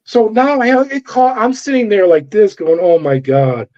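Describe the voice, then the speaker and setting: A middle-aged man, a former corrections officer, telling his story in an interview with animated, profane delivery and acted-out dialogue. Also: sits high, a little slow. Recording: dull lo-fi audio.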